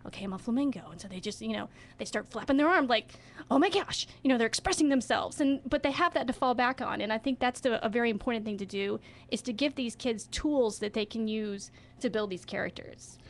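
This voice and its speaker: A woman's voice: a little high, brisk, few pauses. A woman who directs children's theater, talking as a guest in a radio studio interview with enthusiasm and expression.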